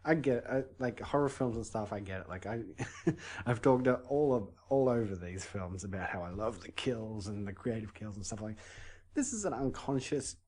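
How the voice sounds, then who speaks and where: A man's voice: on the low side, animated, a little mellow. A man co-hosting a podcast, talking casually and emphatically, often breaking off and restarting his sentences. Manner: opinionated, emphatic, halting restarts. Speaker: podcast co-host. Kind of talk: casual chat.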